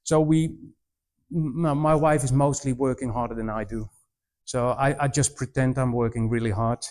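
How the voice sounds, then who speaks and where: Speaking at a moderate pace with a medium-pitched, darkish, fairly even voice, a middle-aged missionary from the Netherlands addresses students. His Dutch-accented presentation is humorous and full of anecdotes with frequent restarts.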